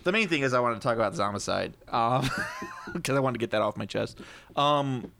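A man's voice: medium pitch, animated, a little fast, gravelly, fairly bright tone, a little hiss or hum. An American man hosting a casual gaming podcast. He rambles with lots of fillers, swears freely and laughs often. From United States. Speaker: podcast host. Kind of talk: casual chat.

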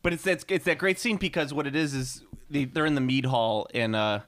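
A man's voice: mid-range voice, a little fast, fairly bright tone. A man co-hosting a casual movie podcast, rambling and laughing often. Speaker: podcast co-host. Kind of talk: casual chat about movies.

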